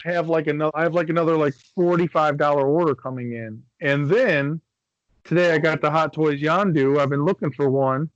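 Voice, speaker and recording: A man's voice: a little high, fairly even intonation, fairly quick, dry recording, muffled recording. Rambling man telling a story. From Michigan, USA. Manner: rambling storyteller, swears casually, acts out quotes. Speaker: podcast co-host. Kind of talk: casual chat.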